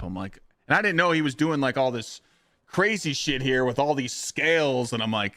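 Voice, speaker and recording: A man's voice: medium pitch, lively intonation, fairly quick, a bit bright, no echo, clean studio sound. A young man live-streaming a game, chatting casually in a rambling, profane way and answering viewers' questions. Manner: profane, rambling, reads chat aloud.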